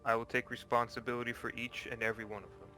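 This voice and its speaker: A man's voice: medium pitch, level tone, rapid-fire, sharp tone, soft background music, natural voice. A man playing an earnest paladin who speaks in a formal, old-fashioned way. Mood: solemn. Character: earnest young male paladin, formal and pleading.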